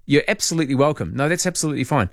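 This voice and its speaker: His voice sits on the high side, animated and rapid-fire, as he runs an overnight talkback show and reads listener messages with a chatty, wry, rambling manner, lyrics included. The radio-studio recording on a studio microphone is studio quality with no room sound.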